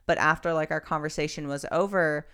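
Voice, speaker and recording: A woman's voice: low-pitched, steady tone, brisk, fairly bright tone, clean tone. A young woman co-hosting a podcast, rambling in casual chat with lots of "like". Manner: rambling, heavy use of "like". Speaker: podcast co-host; nanny.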